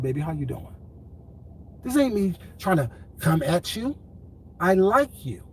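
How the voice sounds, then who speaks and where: High-pitched husky man, calm and deliberate. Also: low-quality recording. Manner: calm, controlled, deliberate delivery; emphatic, repeats points. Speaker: YouTube streamer. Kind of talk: heated livestream commentary.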